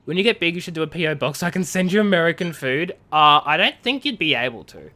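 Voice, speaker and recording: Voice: mid-range voice, animated, fast, pushed and bright. A streamer chatting casually with viewers during a game playthrough and reading game logs aloud.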